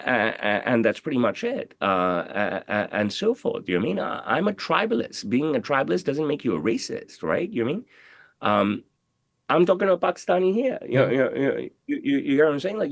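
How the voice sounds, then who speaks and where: Brash male interview guest, mid-pitched, cursing freely and stacking fillers; dry, close recording. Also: no echo. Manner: swaggering, profane, rambling with many repeated fillers. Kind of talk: casual interview talk.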